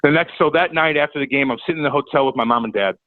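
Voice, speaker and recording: A man telling a profane, animated story as a podcast guest. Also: fairly high pitch, racing, dry recording, narrow, tinny audio. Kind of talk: casual storytelling.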